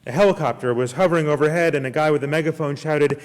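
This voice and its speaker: A man preaching a sermon as minister, earnest and emphatic, with slow deliberate pauses. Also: medium pitch. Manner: earnest preaching, slow emphatic pauses, retells a parable with lively character voices. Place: church service streamed online. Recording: long hall reverb.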